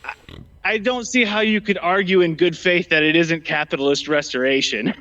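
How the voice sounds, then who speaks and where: Speaking at a normal pace, this man has a slightly high, pushed, bright voice over faint background noise. He's a guest in an informal political debate, a little breathless, stumbling through ums and restarts, all on dull lo-fi audio.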